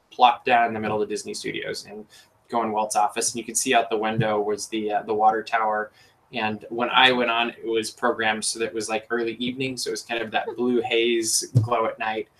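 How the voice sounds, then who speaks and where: A man's voice: on the low side, level tone, brisk, a bit bright, poor audio. A man hosting a casual podcast chat, enthusiastic and rambling with lots of fillers. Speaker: podcast host.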